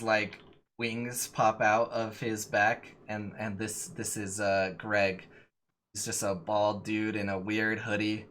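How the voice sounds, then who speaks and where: Slow, bright-voiced game master man. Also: fairly low pitch, slight background noise. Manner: halting, full of fillers and restarts. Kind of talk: narrating a tabletop game.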